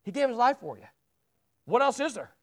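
A man's voice: very high-pitched, very animated, brisk. A man preaching a sermon in a church, talking casually and asking the congregation questions, often repeating words as he presses a point.

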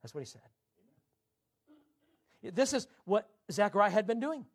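A man with a very high voice preaches a sermon. He leans hard on his words and slows right down to draw out the scripture he quotes. His pitch rises and falls sharply as he makes his points. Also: big pitch swings. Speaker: pastor.

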